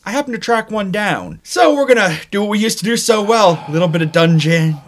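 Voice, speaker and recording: A man's voice: sits high, lively intonation, a little fast, pitched above the performer's own voice. A man voicing a bitter, tall Goliath man, a former adventuring companion who holds a grudge. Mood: reproachful. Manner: grudging, reproachful.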